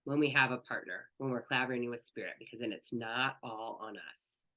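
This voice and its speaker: A woman with a bright, forward voice leads a spiritual coaching class. She talks in an open, earnest, conversational way and is candid with her listeners. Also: extremely low pitch, steady tone, a little fast.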